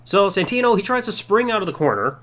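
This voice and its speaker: A man with a high, lively voice that swings up and down as he talks. He runs through a wrestling show in a casual, sarcastic way and scoffs at whatever he dislikes. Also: fast talker. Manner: sarcastic, mocking, does silly impressions. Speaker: podcast host reviewing wrestling. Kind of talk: casual solo review.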